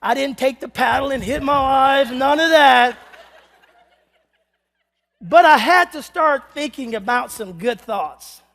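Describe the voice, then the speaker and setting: Very high-voiced preacher telling a comic story. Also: male voice, slow pace, gravelly, pauses often. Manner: animated, comic, bursts into shouts. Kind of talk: humorous sermon storytelling. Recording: long reverb of a large hall.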